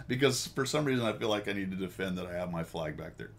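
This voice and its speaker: A man's voice: deep voice, expressive, quick pace, vocal fry, slight background noise. An American man hosting a casual chat with viewers, rambling and self-deprecating and laughing often. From United States. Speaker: host.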